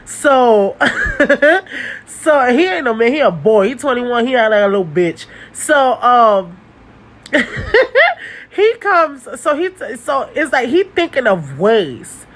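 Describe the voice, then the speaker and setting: A woman's voice: a little high, sing-song, slow, rough recording. A young woman telling a story about her dating life in a casual vlog. She talks bluntly and animatedly, swears, and laughs often. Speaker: storytime vlogger.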